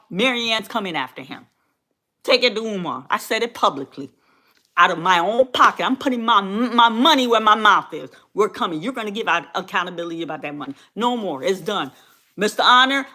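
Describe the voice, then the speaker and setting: A woman's voice: mid-range voice, sharp tone. A woman hosting her own livestream, speaking in a fiery, repetitive way with lots of exclamations and remarks to her chat. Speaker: livestream host. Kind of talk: heated livestream rant.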